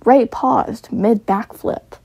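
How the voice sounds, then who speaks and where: A woman's voice: fairly high pitch, steady tone, slow pace, vocal fry, mellow, breathy edge, no room sound. A woman casually reading her own story aloud, with giggly, chatty asides and slang.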